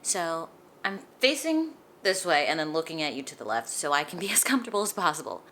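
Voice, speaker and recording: Young female vlogger, low bright voice, chatty recap delivery, faint background hiss. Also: fairly quick. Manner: chatty, animated retelling with lots of "like". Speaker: book vlogger. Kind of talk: casual book recap vlog. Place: indoors at home, sunlight on her face.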